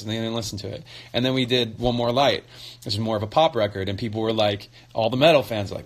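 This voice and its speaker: A man's voice: mid-range voice, quick pace. A man in his forties casually answering fan questions on a phone livestream, loose and chatty with many fillers and restarts.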